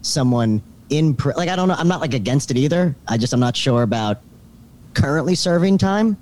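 A man's voice: on the high side, animated, a little fast, darkish tone. A man speaking as a podcast guest over a call, hesitant and restarting his sentences. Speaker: guest, screenwriter. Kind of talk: casual interview chat, remote. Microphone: faulty computer mic on a call.

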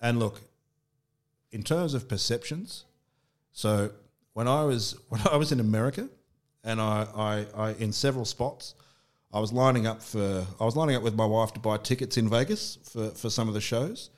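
Candid Australian man, lowish voice. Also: normal speed. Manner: candid storytelling with frequent restarts and fillers. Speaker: podcast guest. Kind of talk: casual conversation.

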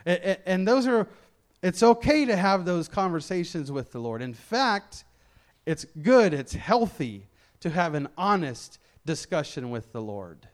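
A man's voice: sits high, animated, measured pace. A middle-aged man from Memphis, Tennessee, preaching a sermon with no regional accent, in a conversational, self-deprecating way with frequent restarts. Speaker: lay preacher.

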